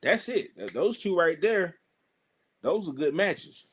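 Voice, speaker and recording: Southern man, young, podcast guest, lively yarn-spinner, slightly high voice. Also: slow pace, husky. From Southern United States. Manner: animated, laughing storyteller with quoted voices. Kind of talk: casual storytelling.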